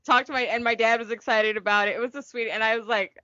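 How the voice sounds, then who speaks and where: A woman podcast host telling a story in an excited, chatty way, full of "like"s. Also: fairly high pitch, quick pace, a crowd in the background. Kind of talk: casual podcast chat. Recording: dry, dull lo-fi sound.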